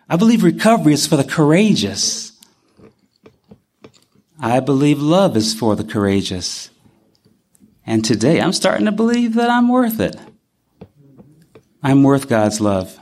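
A middle-aged man giving an emotional personal testimony at a recovery gathering, earnest and halting, often restarting his sentences. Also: mid-range voice, very animated, darkish tone. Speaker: recovery speaker.

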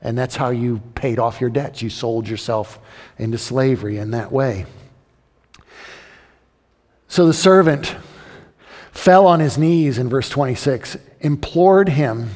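A man preaching a sermon, animated and acting out the voices of the story's characters. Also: medium pitch, a little slow, long pauses, in a large hall. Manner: animated, acts out the crowd and king in raised voices. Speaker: pastor.

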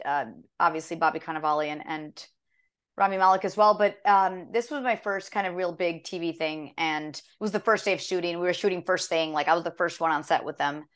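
A woman voice actress chatting casually in an interview, telling stories with lively acted quotes. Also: fairly low pitch, fairly quick. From half American. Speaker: voice actress guest.

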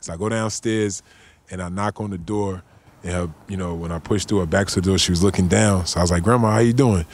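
A cannabis company founder, appearing as a podcast guest, tells a personal story in a casual storytelling interview. His low voice is flat and a little fast, and he's laid-back and slangy, full of fillers like "you know what I'm saying."

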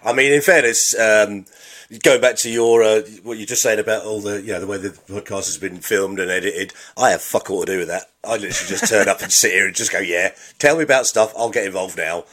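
A man's voice: lowish voice, steady tone, fast, fairly bright tone. An English man co-hosting a podcast, laid-back and self-deprecating in casual chat. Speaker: podcast co-host.

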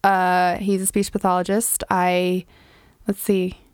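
A woman's voice: lowish voice, monotone, slow pace, clear, resonant tone, dry recording, clean studio sound. A young woman co-hosting a casual podcast chat, talkative and teasing, laughing easily. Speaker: podcast co-host.

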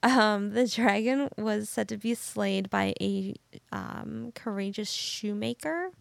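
A woman's voice: mid-range voice, takes it slowly, creaky, dry recording. A woman co-hosting a casual podcast, telling stories in a giggly, rambling way. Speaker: podcast co-host. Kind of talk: casual chat.

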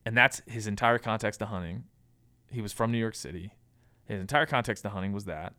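Man, podcast guest, low voice, smooth and clear, thoughtful, lots of ums, casual chat. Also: brisk, pushed and bright, dry recording. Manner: thoughtful, frequent ums and restarts. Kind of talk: casual conversational advice.

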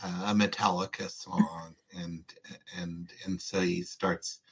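Laid-back lower-voiced male author. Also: takes it slowly, slightly rough. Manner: relaxed storyteller, lots of fillers. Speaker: author guest. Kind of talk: casual interview chat.

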